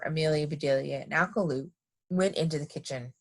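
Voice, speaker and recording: A woman reading a children's picture book aloud in an expressive, lively manner. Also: low-pitched, fairly quick. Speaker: storybook reader.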